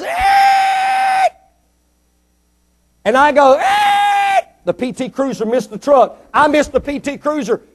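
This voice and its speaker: High-voiced preacher man, swinging loud and low. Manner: swings from low asides to loud ringing declarations. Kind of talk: sermon.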